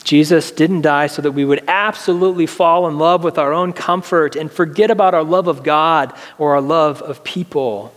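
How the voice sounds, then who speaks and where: A male pastor giving an earnest sermon, slowing down to stress key phrases before leading a prayer. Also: fairly high pitch. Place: church sanctuary. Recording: long reverb of a large hall, faint music.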